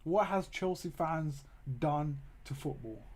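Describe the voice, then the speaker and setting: A man's voice: on the high side, expressive, slow pace, a little mellow. A man hosting a live football watchalong stream, groaning and ranting at the game and talking straight to his chat viewers. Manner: exasperated, groaning and ranting at the match; talks to chat viewers directly. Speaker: livestream host.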